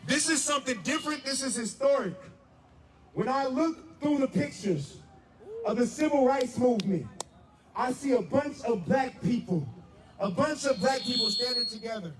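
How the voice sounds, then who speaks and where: A man's voice: very high-pitched, expressive, normal speed, reverberant. A man leading a street protest, giving a rally speech and calling out chants for the crowd to answer. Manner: shouting, repeats "am I right or am I right". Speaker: protest leader. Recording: distant voice in a loud street crowd. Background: loud crowd noise.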